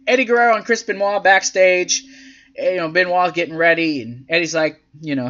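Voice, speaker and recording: A man's voice: high voice, fairly quick, dull audio. A man hosting a podcast who recaps wrestling matches in a casual, profane and sarcastic way, acting out what the wrestlers said. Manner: profane, sarcastic, animated, acts out quotes in silly voices. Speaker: podcast host reviewing wrestling events.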